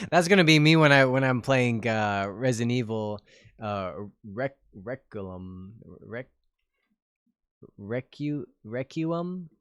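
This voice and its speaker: A man streaming live and chatting casually with viewers, giggling often and gasping with excitement. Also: mid-range voice, takes it slowly, clean tone, dry recording, clean studio sound. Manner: giggly, excitable, gasps and frequent exclamations.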